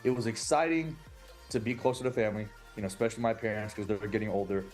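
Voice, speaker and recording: A man's voice: on the low side, steady tone, quick pace, a little mellow, soft background music. A man in his forties, a basketball coach, telling an emotional story in an interview, full of restarts and acted-out quotes. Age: 40s. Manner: earnest, emotional, many restarts, acts out quoted speech.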